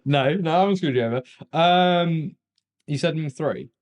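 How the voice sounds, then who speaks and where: A man co-hosting a podcast, chatting casually, laughing often and agreeing quickly. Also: on the high side. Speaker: podcast co-host. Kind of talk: casual chat.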